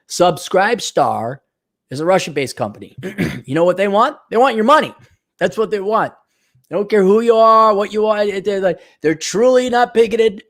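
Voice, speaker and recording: A man from the Milwaukee area ranting in a casual vlog, blunt and sarcastic, with quick asides. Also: sits high. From Milwaukee area, USA. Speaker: vlogger.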